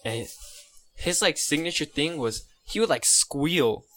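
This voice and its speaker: A young man in casual chat, telling stories in an animated way. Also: fairly high pitch, measured pace.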